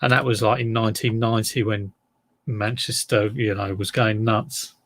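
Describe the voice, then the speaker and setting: A man's voice: fairly low pitch, fairly even intonation, moderate pace, no room sound. A man in his fifties with a Southeast English accent, hosting a casual live stream, rambling chattily and greeting viewers by name. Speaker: live-stream host and reseller.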